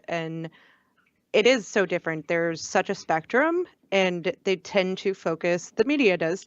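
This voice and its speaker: A woman's voice: lowish voice, dry recording, highs cut off. A woman co-hosting a live gaming podcast in casual chat, talking earnestly and with emphasis. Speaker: podcast co-host.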